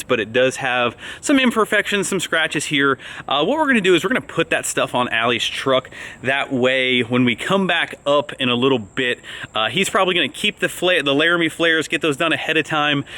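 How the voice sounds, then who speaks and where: A man's voice: mid-range voice, bright, forceful tone. A man hosting a casual vlog, rambling and amped up as he walks through his plans. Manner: rambling and amped up, talking fast. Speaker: vlog host.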